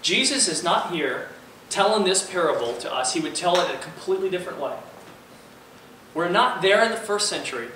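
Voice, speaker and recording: Young guy preaching, keeps asking the crowd stuff, kinda high voice, far off mic w faint hiss. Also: a little fast. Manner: lively, asks the audience questions, acts out quoted characters. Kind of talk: sermon. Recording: echoey room, voice from far off, faint ambient noise.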